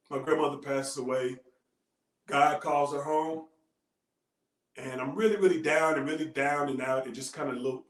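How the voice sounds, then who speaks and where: A man giving a heartfelt motivational talk, telling a personal story with earnest, dramatic pauses. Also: a little high. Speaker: motivational speaker. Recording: roomy echo.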